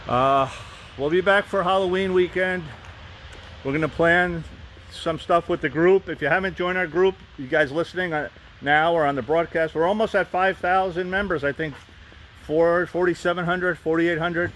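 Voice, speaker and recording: A man's voice: fairly high pitch, steady tone, moderate pace, fairly bright tone, slight background noise. A man live-streaming from a phone outdoors, rambling casually with frequent restarts and asides. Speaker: vlogger and fan group host.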